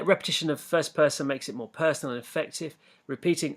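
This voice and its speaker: A man teaching an exam-focused poetry lesson, explaining in a measured, methodical way with fillers and restarts, and reading poem lines slowly. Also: a little high, vocal fry. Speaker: English literature teacher.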